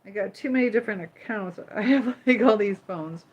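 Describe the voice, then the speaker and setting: A woman's voice: mid-range voice, brisk, darkish tone, highs cut off. A woman from Michigan and Indiana hosting a casual livestream, chatting with viewers, greeting them by name and firmly moderating the chat. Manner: firm when moderating the chat. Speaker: livestream host.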